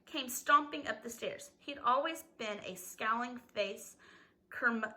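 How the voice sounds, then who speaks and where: Expressive female reader for a novel, bright tone, occasional stumbles. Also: fairly high pitch, slow pace, low-quality recording. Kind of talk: reading a novel aloud.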